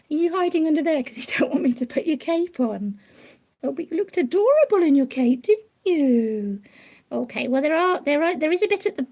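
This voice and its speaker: A woman's voice: high-pitched, warm tone. A woman talking to her pet rabbit in a playful, coaxing, sing-song way. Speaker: pet rabbit owner hosting a live stream. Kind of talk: doting talk to a pet rabbit.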